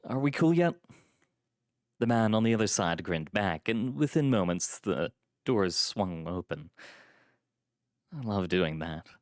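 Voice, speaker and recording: Slow, low-voiced male story reader. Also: no echo, studio quality. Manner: calm, measured storytelling. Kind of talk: first-person story narration.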